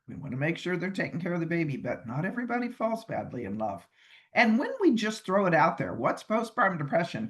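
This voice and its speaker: Male presenter on a video call from a hotel room, slightly high voice, conversational and emphatic teaching. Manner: chatty, emphatic, acts out quoted mothers. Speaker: webinar presenter. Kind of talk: online training lecture.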